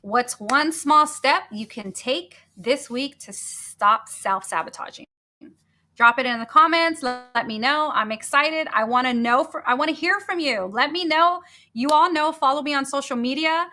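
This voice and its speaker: Female podcast host, solo motivational talk; bright, forceful voice, fairly high, emphatic and repetitive. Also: moderate pace. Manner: energetic, emphatic, repeats key phrases.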